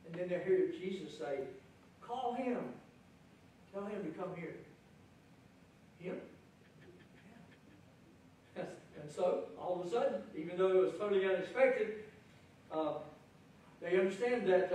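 A man preaching a sermon as pastor, lively, acting out the crowd's voices with a raised voice. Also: sits high, a little slow, long pauses, slight background noise. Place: church sanctuary. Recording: echoey church hall from far off.

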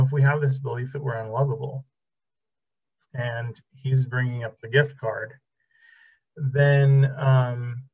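In a library classroom, a man teaches a relationship class as a casual, conversational lecture, telling stories and acting out dialogue. His voice is medium-pitched with a darkish tone, and the highs are cut off.

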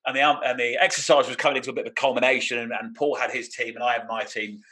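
Brisk bright-voiced British man. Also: mid-range voice, little pitch movement, low-quality recording. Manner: storytelling with laughs and mimicry. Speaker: podcast co-host. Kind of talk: casual anecdotal chat.

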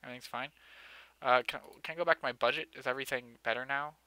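A man's voice: medium pitch, steady tone, racing, bright, forceful tone, no room sound. A young man giving casual let's-play commentary as he builds a city in a game, joking sarcastically and mocking himself. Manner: joking, sarcastic, self-mocking, often laughing.

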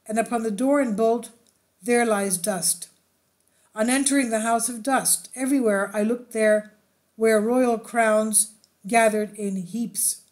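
Woman, narrator, ancient epic reading, measured solemn recitation, slightly high voice. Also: steady tone, darkish tone. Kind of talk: scripted narration.

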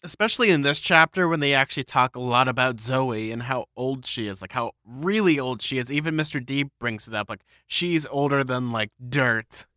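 A man's voice: medium pitch, normal speed, few pauses, bright, forceful tone, no room sound, clean studio sound. A man co-hosting a podcast in casual book-discussion chat, rambling and enthusiastic with lots of filler words. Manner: rambling, enthusiastic, full of fillers and pop-culture comparisons. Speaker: podcast co-host.

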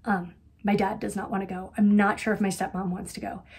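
A woman's voice: mid-range voice, little pitch movement, fairly quick, darkish tone, slightly rough. A middle-aged woman hosting a knitting podcast, chatting casually and rambling with lots of ums and wry asides. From Colorado, USA. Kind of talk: casual chat.

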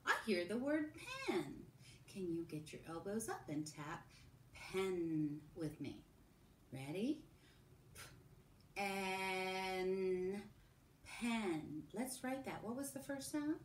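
A woman teacher giving a recorded phonics lesson to young children, modelling sounds and sentences slowly. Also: mid-range voice, sing-song, far from the mic. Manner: slow, sing-song, drawn-out modelling of sounds and sentences. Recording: echoey room with faint background hum.

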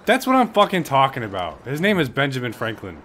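Brief: male gaming commentator, profane slangy jokes, game sounds clearly under the voice. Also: mid-range voice, wildly swooping pitch, a little fast, fairly bright tone, slight background noise. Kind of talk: casual gameplay commentary.

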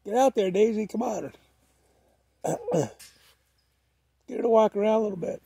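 A man's voice: high voice, measured pace, gravelly, dark tone, breathy edge. A man raising a pig, chatting casually and coaxing the animals in an outdoor farm pen. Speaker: pig raiser. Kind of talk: casual chat while handling animals.

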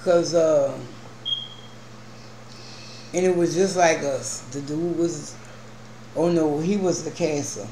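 A man co-hosting a casual mukbang at home, reminiscing in a relaxed, profane way. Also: on the high side, slow pace, long pauses, roomy sound, background noise. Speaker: vlog co-host. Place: at home at a meal table.

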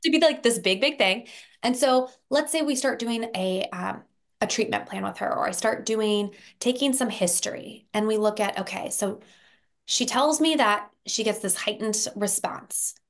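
A woman therapist on a podcast, explaining in a lively conversational way, acting out example voices and often checking in with "right?". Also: on the high side, normal speed. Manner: animated storyteller, acts out quoted voices with frequent "right?". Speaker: therapist guest.

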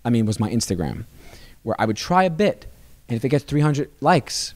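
A man, a stand-up comedian, chatting as a podcast guest in a rambling, animated way with many restarts. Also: medium pitch, brisk, no echo. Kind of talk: casual interview chat. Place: comedy club.

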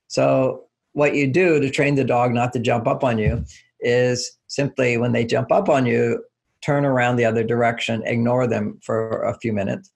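A man's voice: medium pitch, creaky, husky. An older man being interviewed as a relationship author, explaining with everyday examples and acting out little quotes in a raised voice. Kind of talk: casual interview talk.

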